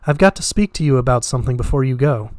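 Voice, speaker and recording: A man's voice: medium pitch, expressive, quick pace, darkish tone, no echo, clean studio sound, lightly acted. A man reading aloud, voicing an anxious young man with clipped, urgent lines. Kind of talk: audiobook reading.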